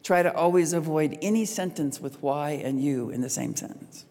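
A middle-aged woman speaking to an audience about relationships, a lively storyteller who acts out the lines she quotes. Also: low-pitched, moderate pace. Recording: long hall reverb.

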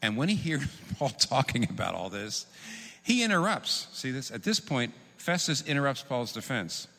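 A man preaching a sermon, teaching in an animated, humorous way with quick asides. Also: medium pitch. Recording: long reverb in a large hall.

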